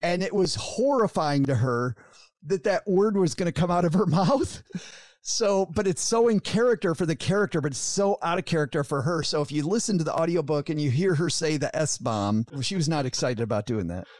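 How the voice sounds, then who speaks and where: A man, a podcast co-host and author, telling stories as a guest in a casual interview, animated and often laughing. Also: a little high, a little fast, no room sound, clean studio sound. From lives in northeast Texas.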